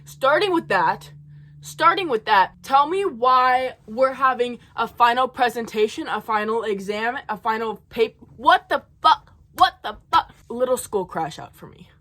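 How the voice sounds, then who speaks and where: A woman's voice: a little high, moderate pace, bright, forceful tone. A young woman in college telling a profane, heated storytime rant in her own rambling way. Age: young adult. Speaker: college student vlogger.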